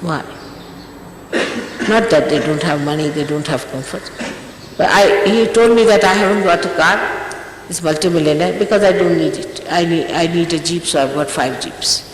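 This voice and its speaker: A woman's voice: fairly low pitch, moderate pace. Older lady teacher telling off her followers, repeats herself, echoey hall, long reverb. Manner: scolding, emphatic, repeats herself. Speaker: spiritual teacher addressing followers. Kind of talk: informal exhortation before a ceremony. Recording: echoey hall, faint hiss, old tape.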